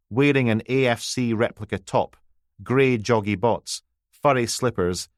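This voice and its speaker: A man's voice: lowish voice, no echo. A man narrating a crime novel audiobook with a dry, wry delivery on a close mic.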